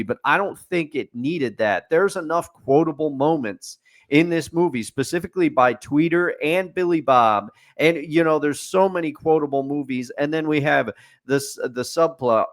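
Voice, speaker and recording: A man co-hosting a podcast, giving an opinionated, rambling movie review in casual chat with fillers and restarts. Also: medium pitch. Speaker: podcast co-host. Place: studio.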